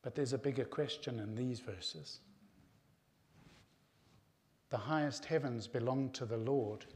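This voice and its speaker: A man's voice: medium pitch, normal speed, darkish tone. A middle-aged man preaching a sermon as pastor, earnest and direct, calling his congregation "folk". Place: church hall. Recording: long hall reverb.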